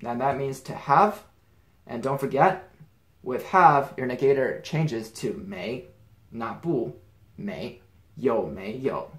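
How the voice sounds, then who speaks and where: Relaxed man teaching in a roomy space. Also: mid-range voice, slow pace. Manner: relaxed, explains step by step with examples. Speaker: language teacher. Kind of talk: casual grammar lesson. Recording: roomy echo.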